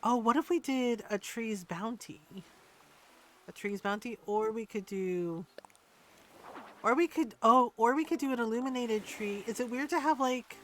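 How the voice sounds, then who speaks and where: A woman's voice: fairly high pitch, unhurried, fairly bright tone, slight background noise. A woman streaming a cozy game, chatting casually and thinking aloud with plenty of fillers. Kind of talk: casual gameplay chat.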